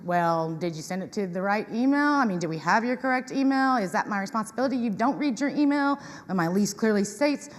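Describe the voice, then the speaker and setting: A woman giving a lively talk to an audience, acting out customers in quoted voices. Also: mid-range voice, brisk, hardly any pauses. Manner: animated, acts out tenants in quoted voices. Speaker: conference speaker on property management. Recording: reverberant hall.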